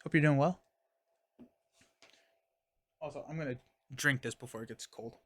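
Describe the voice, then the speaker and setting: A man's voice: medium pitch, normal speed, a bit bright, no room sound. A young man casually streaming a card game, talking through his moves and chatting with viewers. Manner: chatty, reads chat and thanks viewers mid-game.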